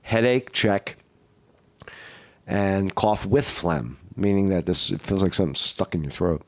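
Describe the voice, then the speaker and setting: A hoarse man talking casually on a live stream, rambling with many fillers and restarts. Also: sits low, expressive, unhurried, dry recording. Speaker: vlogger doing a live at-home test.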